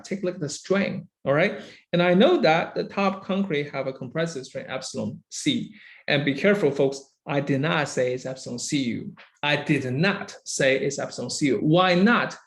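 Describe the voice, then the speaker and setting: Teaching engineering at a university, a man with a slightly high voice repeatedly checks comprehension with "okay?" and "right?" and calls out students by name to praise them.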